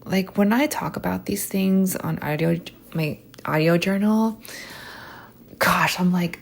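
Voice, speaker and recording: A young woman talks through a soft, stream-of-consciousness podcast episode in a slow, gravelly voice. She rambles casually, with plenty of "like" and "you know" fillers, and sits a little below the usual pitch. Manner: chatty, many "like" fillers, soft and unfiltered. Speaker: podcast host.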